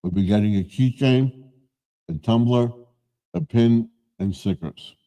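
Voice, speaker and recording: Older man with a very dark voice. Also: medium pitch, unhurried. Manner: rambling, corrects himself often. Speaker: live stream host. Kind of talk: casual live stream chat.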